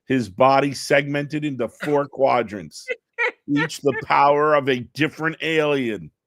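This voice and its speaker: An enthusiastic middle-aged man talks in a mid-pitched voice, piling up stories with quick restarts and stammers. The sound is close and dry, with no room around it. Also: a bit bright, dry recording. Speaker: comic book writer guest. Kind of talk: excited podcast interview chat.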